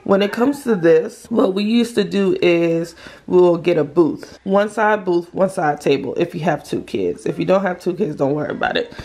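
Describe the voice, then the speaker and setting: A woman's voice: lowish voice, expressive, moderate pace, a little mellow. A young woman vlogging casually as a mom, chatting and explaining hands-on as she demonstrates a stroller at home. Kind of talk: casual demo vlog.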